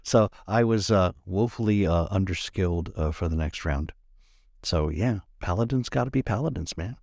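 A man's voice: deep voice, moderate pace, a little mellow, dry recording, studio quality. A man co-hosting a podcast in casual chat, rambling and wry as he tells stories. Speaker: podcast co-host.

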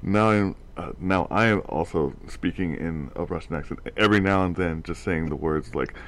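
A man's voice: low voice, normal speed, a bit bright. A man hosting a casual talk show, telling a story with many restarts and frequent laughter. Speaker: podcast host.

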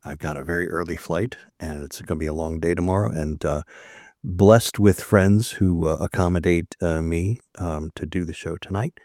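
A man hosting a casual podcast, joking and reacting quickly. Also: low voice, no echo, clean studio sound. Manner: lively, jokey, quick reactions. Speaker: podcast host. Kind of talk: casual chat.

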